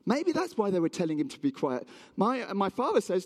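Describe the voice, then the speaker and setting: Animated man preaching in a reverberant hall. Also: high-pitched, brisk. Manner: animated, acts out voices of townspeople. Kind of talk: storytelling sermon.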